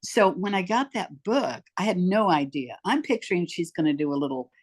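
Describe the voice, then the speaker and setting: A woman in her eighties with a lowish voice that swoops up and down as she tells her stories. She chats casually as a podcast guest and puts on the voices of the people she quotes. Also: normal speed, husky. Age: 80s. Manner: animated storyteller, acts out quoted voices. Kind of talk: casual storytelling interview. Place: home.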